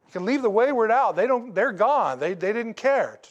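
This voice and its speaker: A man preaching a sermon in a folksy, animated way, with asides to the congregation. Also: high voice, normal speed, muffled recording. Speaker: pastor.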